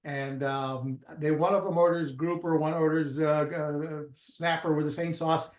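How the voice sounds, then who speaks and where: A man from Puerto Rico, a guest in an interview, with a voice pitched a little above average. He tells stories in a rambling, casual way, full of restarts and fillers. The room adds a noticeable echo. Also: steady tone, a little slow. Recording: roomy echo.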